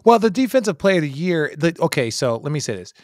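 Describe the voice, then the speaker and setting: A man's voice: on the high side, big pitch swings, quick pace, dry recording, studio quality. A man in his forties, a guest analyst in a casual podcast chat, talking emphatically and swearing freely.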